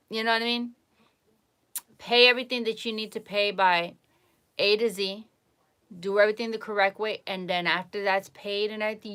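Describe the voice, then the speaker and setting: A woman's voice: on the low side, bright, forceful tone, clean tone. A woman talking casually on a live stream, giving blunt, emphatic advice and repeating herself for emphasis. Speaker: psychic livestreamer.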